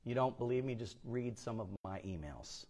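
A man preaching a sermon, swinging between hushed asides and loud emphatic peaks, acting out voices in his stories. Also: mid-range voice, expressive, normal speed. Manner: dynamic preacher, swings from quiet to loud, acts out quotes. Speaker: pastor.

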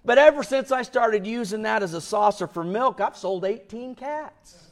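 A man voicing a shrewd male junk store owner in a sermon joke, speaking in a low, flat, dismissive way. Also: normal speed. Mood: dismissive, sly.

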